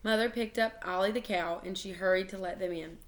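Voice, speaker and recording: A woman reading a children's book aloud, expressive and animated, with small slips and restarts. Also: mid-range voice, a little fast. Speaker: reader.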